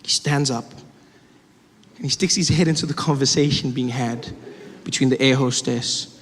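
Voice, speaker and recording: A man from South Africa doing animated stand-up storytelling. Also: medium pitch, normal speed. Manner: animated, acting out characters. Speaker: stand-up comedian. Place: live comedy venue. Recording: theater with long reverb and audience.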